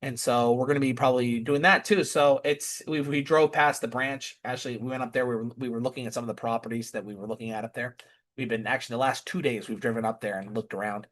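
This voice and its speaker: A man's voice: medium pitch, fairly even intonation, fast, a bit bright. A man chatting casually through a family update, rambling and often restarting and correcting himself mid-sentence. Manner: chatty, easily amused. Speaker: vlogger.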